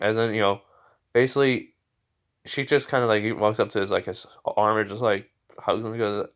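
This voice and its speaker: A man's voice: on the low side, fairly even intonation, brisk, smooth. A man improvising a fan story aloud, rambling and stopping and restarting as he goes. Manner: rambling, many fillers and restarts.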